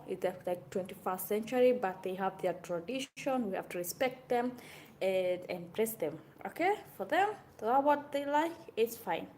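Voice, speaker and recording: A young woman from Kenya chatting to camera in a casual vlog, animated and exclaiming often. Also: medium pitch, slight background noise. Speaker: vlogger.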